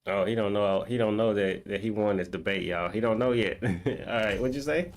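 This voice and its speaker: A man's voice: fairly low pitch, normal speed. A man streaming a game, chatting casually and reading viewer comments aloud as he banters with them. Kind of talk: casual live-stream chat.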